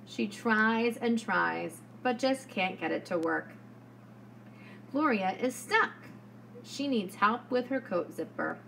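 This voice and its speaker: A woman preschool teacher giving a lesson to young children, speaking slowly and clearly in a sing-song way. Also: mid-range voice, animated, fairly bright tone, a little hiss or hum.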